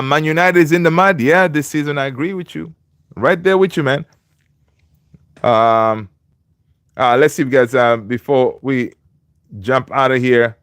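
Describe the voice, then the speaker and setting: A man's voice: medium pitch, a bit bright, clean tone, no room sound, studio quality. A man hosting a football fan livestream in a loose, chatty way, reading viewer comments aloud and greeting viewers by name. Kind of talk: casual livestream chat.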